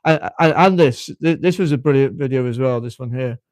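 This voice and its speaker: Fairly quick and mid-range, this slightly mellow male voice comes through in a dry recording. It belongs to a well-spoken British livestream host in his fifties from the United Kingdom who chats casually and often stops to say things again.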